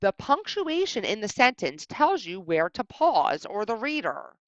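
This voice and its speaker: Woman teacher, animated delivery, marked pauses, dry muffled home recording. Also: mid-range voice, no echo. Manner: expressive, exaggerated pauses at punctuation. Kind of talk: recorded slideshow lesson. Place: indoors at home.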